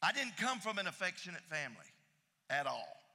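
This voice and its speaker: A man preaching a sermon, emphatic, repeating key phrases and swinging between loud and soft. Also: on the high side, sing-song, brisk, creaky, big-room sound. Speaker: pastor.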